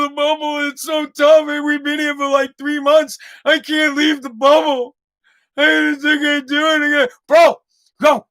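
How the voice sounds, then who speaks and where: A man's voice: extremely high pitch, sharp tone. A man hosting a solo podcast, ranting heatedly and swearing constantly. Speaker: podcast host. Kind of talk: profane solo podcast rant.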